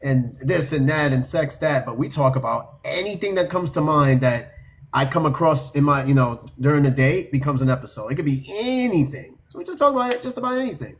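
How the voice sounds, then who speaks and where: A man's voice: fairly high pitch, animated, brisk. New York man, casual podcast host. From Brooklyn, New York. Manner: blunt, swears freely, laughs easily. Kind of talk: casual chat.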